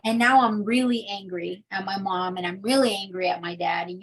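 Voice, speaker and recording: A woman's voice: mid-range voice, brisk, hardly any pauses, fairly bright tone, rough recording. Woman telling her testimony, chatty. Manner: candid storytelling with many fillers. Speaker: interview guest. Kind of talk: personal testimony.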